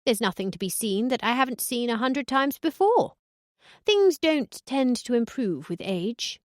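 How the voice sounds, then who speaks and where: A woman's voice: a little high, expressive, measured pace, dry recording, pitched above the performer's own voice. A woman voicing a blunt, foul-mouthed older woman who lives on a cruise ship, trading dry, crude put-downs in an audiobook. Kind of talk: audiobook dialogue.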